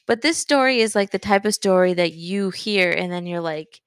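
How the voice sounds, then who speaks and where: A woman's voice: lowish voice, animated, moderate pace, few pauses, clear, resonant tone, no echo. A young woman co-hosting a podcast in casual, chatty conversation. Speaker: podcast co-host. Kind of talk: casual chat.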